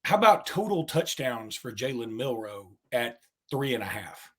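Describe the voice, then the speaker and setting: A man's voice: medium pitch, very animated, moderate pace, fairly bright tone. A man co-hosting a sports podcast, asking prediction questions with dry, teasing humor. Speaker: podcast co-host. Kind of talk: casual sports chat.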